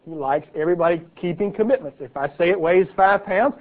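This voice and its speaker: A man's voice: sits high, quick pace. A man teaching a sermon in a conversational way, checking in with the listeners with "okay" and "right". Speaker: preacher. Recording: tinny phone-like audio.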